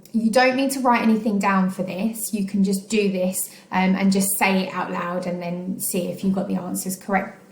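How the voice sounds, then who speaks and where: An English woman teaches a recorded children's lesson in a patient, encouraging way, dotted with ums and okays. Her voice sits at a middle pitch. The room around her is echoey. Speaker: primary school teacher. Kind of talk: recorded online phonics lesson.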